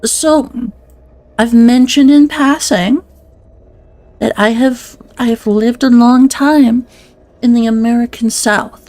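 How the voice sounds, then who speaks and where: Streamer girl chatting live, keeps giggling and cussing, kinda high but soft mellow tone. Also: steady tone, takes it slowly, dry recording. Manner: giggly, self-conscious, swears a lot. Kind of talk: casual live-stream chat.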